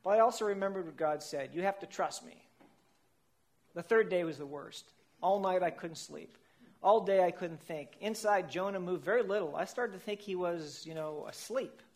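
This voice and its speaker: Speaking as a whale, a man tells a comic first-person story in a playful voice that's fairly high for a man, with a darkish tone and moderate pace. He frequently laughs at his own lines.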